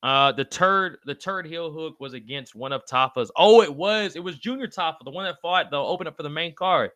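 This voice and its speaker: A man hosting a live podcast stream, reading chat and reacting in an excitable, loose way, swearing freely and calling everyone brother. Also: on the high side, brisk, no room sound.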